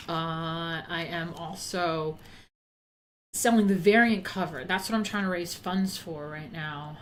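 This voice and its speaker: A woman's voice: fairly low pitch, slight background noise. A young woman who is out of breath from pregnancy, hosting a casual livestream chat, rambling and reading viewer comments aloud. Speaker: livestream host.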